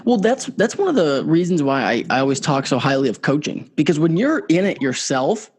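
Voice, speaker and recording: A male podcast host talks in relaxed, encouraging chat. His slightly high voice has a husky edge, and a long reverb trails behind his words. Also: fairly quick. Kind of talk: casual chat.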